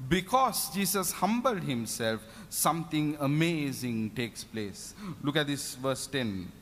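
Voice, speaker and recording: A fervent male preacher, his voice sitting a little high for a man. He keeps breaking into hallelujahs between points. Long hall reverb trails every phrase. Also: lively intonation, takes it slowly, fairly bright tone. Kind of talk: sermon. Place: prayer meeting in a reverberant hall.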